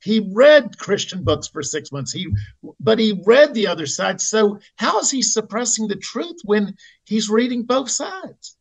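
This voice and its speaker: A man's voice: high-pitched, big pitch swings, a little slow, creaky, breathy edge, no room sound, rough recording. A man moderating a discussion, cutting in to press a pointed question. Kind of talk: discussion challenge.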